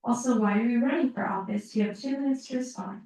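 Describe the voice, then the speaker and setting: A woman moderating a townhall, reading out the questions to candidates in a plain, even way. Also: a little high, fast talker. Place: public meeting hall. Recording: very echoey hall, voice far from the mic.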